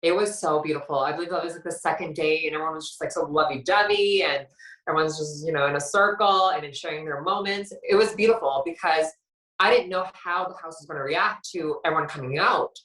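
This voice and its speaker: Speaking a little fast in a low, fairly bright voice, this Canadian reality show contestant recounts events with flair, performing the quotes of herself and others. The interview is animated, and she's recorded far from the mic in an echoey room.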